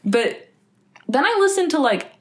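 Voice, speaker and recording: A woman's voice: sits high, big pitch swings, measured pace. A young woman co-hosting a casual podcast, chatty and laughing often, full of "like" and "I don't know.". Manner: chatty, laughing, filler-heavy. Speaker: podcast co-host. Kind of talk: casual chat.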